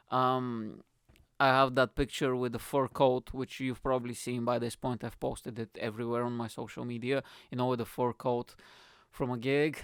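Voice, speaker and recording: A man who is a stand-up comedian hosting his own podcast, rambling loudly and swearing constantly as his pitch jumps suddenly. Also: smooth, no echo, clean studio sound. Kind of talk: solo comedy podcast monologue.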